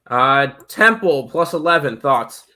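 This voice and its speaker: Male stream co-host, bright, a bit high, easygoing and filler-heavy. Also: slow. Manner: relaxed, many fillers, reads viewer questions. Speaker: sports betting co-host reading chat. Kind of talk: casual live-stream chat.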